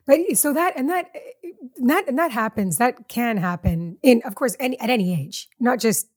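A woman's voice: a little high, animated, normal speed, husky, no echo. Woman podcast host, dry close sound. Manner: affirming, thinks aloud, restates the guest's ideas. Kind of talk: casual interview chat.

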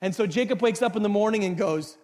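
A man's voice: high voice, fast talker, darkish tone. A man preaching a sermon, retelling a story in a casual, joking way and talking straight to the congregation. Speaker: pastor.

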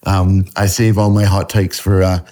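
A man with a Canadian accent touched by a slight Scottish tinge, chatting casually as a podcast guest, pausing on fillers and restarting his sentences. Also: low voice, flat delivery, dark tone. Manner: halting, many fillers and restarts, laughs often. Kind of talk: casual interview chat.

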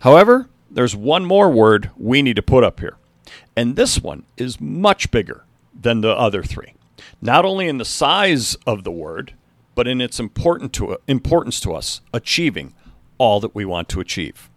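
A man voicing a passionate high school basketball coach giving an earnest, rousing pep talk to his team. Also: sing-song, moderate pace, dry recording.

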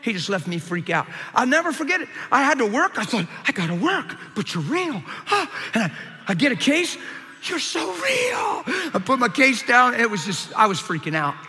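A man preaching his testimony, moving between hushed and shouted lines with dramatic energy. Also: high voice, big pitch swings, a little fast, big-room sound, slight background noise. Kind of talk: testimony sermon.

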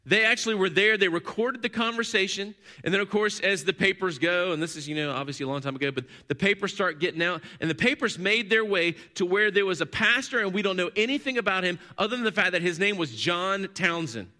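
A man preaching a sermon, telling stories and building his points through repetition, moving between loud emphasis and hushed low passages. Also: quick pace, hardly any pauses. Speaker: pastor.

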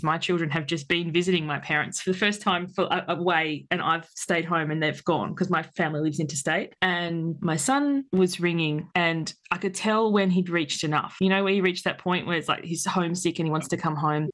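A woman's voice: low voice, fairly bright tone. A woman, a coach talking reflectively in an interview, with many likes and you-knows. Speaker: coach, podcast guest. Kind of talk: conversational interview.

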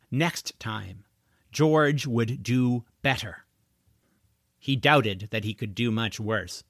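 A man narrating a family novel in expressive storytelling. His voice is bright and full of movement in pitch. The recording is dry and close. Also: dry recording. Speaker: audiobook narrator. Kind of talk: scripted narration.

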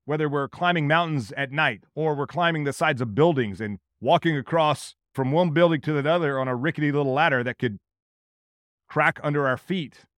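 A middle-aged man delivers a solo podcast monologue at a middling pitch. He speaks earnestly and directly and presses the point by repeating questions. The recording is dry and close, with no room sound. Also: fairly bright tone, dry recording. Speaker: podcast host.

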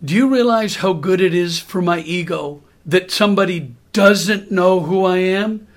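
A man voicing a calm, modest middle-aged film star who speaks slowly and easily. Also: sits high. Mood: easygoing.

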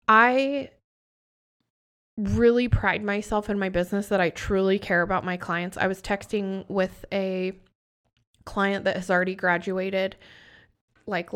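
Woman in her 30s giving a pep talk, candid and emphatic, swears a lot, middle-pitched voice. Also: fairly bright tone. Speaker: podcast host and business coach. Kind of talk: motivational casual talk.

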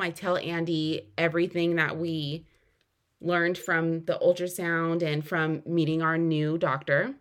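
A woman's voice: on the low side, fairly bright tone. A young woman hosting a podcast, telling her own story earnestly, with sudden emphatic rises. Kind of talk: personal storytelling.

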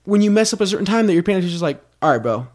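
A man's voice: sits high, fairly even intonation, rapid-fire, darkish tone. Young guy cohosting a faith podcast, upbeat and eager, talks things through. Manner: enthusiastic, building on ideas. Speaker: podcast co-host. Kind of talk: casual faith podcast chat.

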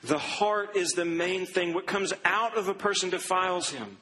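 A man preaching a sermon, telling a story and acting out the people in it, dropping low and slow for the grave lines. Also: bright, forceful tone, low-quality recording. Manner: acts out quoted voices, drops low and slow for grave lines. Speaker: pastor.

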